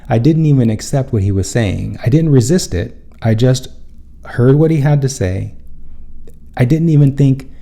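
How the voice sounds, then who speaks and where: A man's voice: medium pitch, lively intonation, normal speed, creaky, warm tone. A man hosting a spiritual self-help show, telling a personal story in an earnest, rambling way and often correcting himself mid-sentence.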